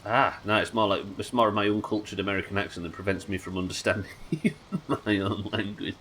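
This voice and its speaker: There's a little hiss or hum as a Yorkshire-accented man chats freely during a live gaming stream, swearing as he goes. He speaks briskly in a low, a bit bright voice with fairly even intonation.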